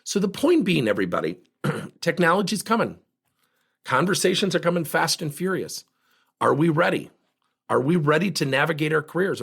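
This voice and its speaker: A middle-aged man delivers a solo coaching podcast with lively, swooping intonation. His voice sits a touch high for a man and carries a husky grain. He hammers his points home with emphasis. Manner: animated, emphatic, acts out quoted dialogue. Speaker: podcast host and leadership coach.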